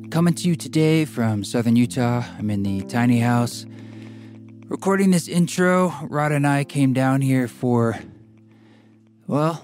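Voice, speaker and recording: A man from Oregon hosting a podcast, talking in a relaxed, rambling way with fillers, a bit out of breath. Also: medium pitch. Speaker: podcast host. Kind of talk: casual podcast intro and interview. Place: tiny house studio.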